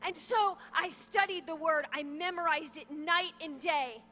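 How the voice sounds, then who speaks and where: Speaking unhurriedly in a very high-pitched, sharp-toned voice, a middle-aged woman, the pastor's wife, shares her testimony from a church stage. Her earnest, emotional sermon echoes through a reverberant hall with mains hum.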